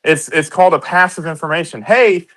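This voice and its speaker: Guy arguing politics hard, cussing, cuts people off, voice sits a bit high. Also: fairly quick, a bit bright, low-quality recording. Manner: combative, swears a lot, talks over others. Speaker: podcast co-host. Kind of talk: heated political debate.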